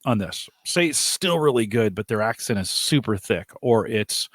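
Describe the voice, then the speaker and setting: A man's voice: lowish voice, lively intonation, normal speed, a bit bright, no echo, clean studio sound. A man co-hosting a live podcast, giving practical advice in a casual, explanatory way. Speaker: podcast co-host.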